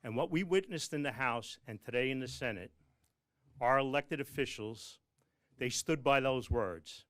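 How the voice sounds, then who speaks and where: A fire officers' union leader delivers a rousing, rhetorical speech at a press conference. His tone is solemn and builds with repeated phrases. His voice is at a typical pitch for a man. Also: normal speed, fairly bright tone.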